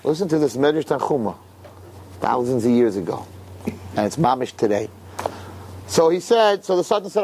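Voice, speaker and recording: A man teaching a Torah class to a room of listeners, animated and full of rhetorical questions. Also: medium pitch, moderate pace, long pauses, a little hiss or hum. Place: room with an audience.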